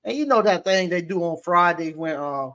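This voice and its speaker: A man, an appliance repair business owner, telling stories in a casual interview with a halting, rambling delivery full of restarts. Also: sits high, lively intonation, pushed and bright.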